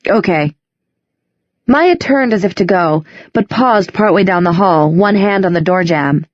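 A woman narrating an audiobook with a measured, even reading, in a slightly dull, dry studio recording. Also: lowish voice, no room sound. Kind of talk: scripted narration.

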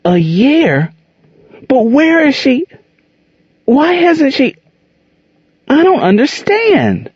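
A man voicing an anxious, upset young boy about to turn nine, his voice pushed high and strained. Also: moderate pace, dark tone, slightly rough. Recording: dull lo-fi recording.

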